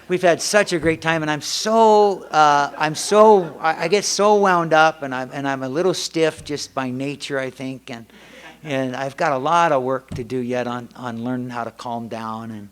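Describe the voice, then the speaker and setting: A man's voice: fairly high pitch, normal speed. A middle-aged American man speaking at a recovery meeting, telling family stories in a rambling, self-interrupting way and acting out the voices of his wife and son. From United States. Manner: rambling, self-interrupting storyteller who acts out family dialogue. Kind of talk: personal testimony talk. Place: meeting hall before an audience.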